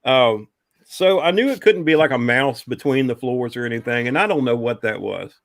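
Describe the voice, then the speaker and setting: A man's voice: medium pitch, animated, normal speed, dry recording, studio quality. Drawling man telling a ghost story. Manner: rambling, drawling, many fillers. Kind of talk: casual storytelling.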